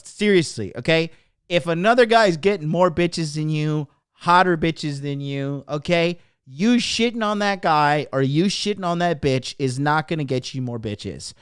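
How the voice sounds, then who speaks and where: A man's voice: on the high side, smooth, dry recording, studio quality. A man in his thirties hosting a live stream, talking casually in an emphatic, profane, preachy way. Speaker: host.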